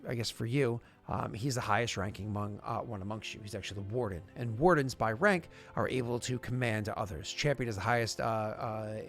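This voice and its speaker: A man narrating a tabletop game as game master, in a loose, chatty way full of fillers. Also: lowish voice. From United States.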